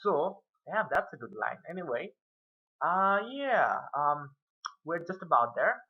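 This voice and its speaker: Casual male math tutor, slow and rambling, self-deprecating mutters, dull lo-fi recording. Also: on the high side, sing-song, slightly rough. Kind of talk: casual whiteboard math lesson.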